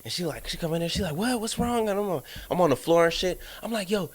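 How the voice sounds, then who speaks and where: A man's voice: a little high, fast talker, breathy edge. A man co-hosting a casual podcast, telling a personal story with lots of swearing and acting out what he said. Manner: animated storyteller, acts out his own lines, swears often. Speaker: podcast co-host.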